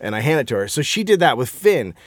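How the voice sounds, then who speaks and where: A man's voice: mid-range voice, sing-song, fast talker, dry recording. A middle-aged man spins a profane story, acting out every quote with animation. His voice sits mid-range for a man. The sound is dry and close. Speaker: podcast co-host. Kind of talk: casual storytelling chat.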